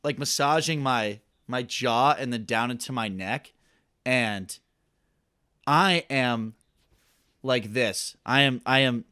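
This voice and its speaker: A man's voice: medium pitch, slow pace, pauses often, sharp tone, clean tone, no room sound, studio quality. Rambling young man telling a story. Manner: rambling, self-deprecating, lots of filler "like". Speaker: podcast co-host. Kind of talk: casual storytelling chat.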